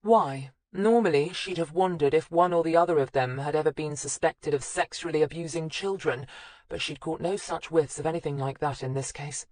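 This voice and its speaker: A woman narrating a crime audiobook in a measured, even reading. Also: low voice, no echo. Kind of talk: scripted narration.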